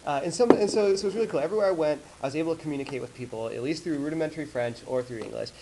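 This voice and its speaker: A man giving a casual slideshow talk to colleagues, rambling and animated as he tells stories. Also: fairly high pitch, very fast, gravelly, heavy background noise. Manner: rambling, animated storytelling with acted-out quotes. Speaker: presenter. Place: office meeting room.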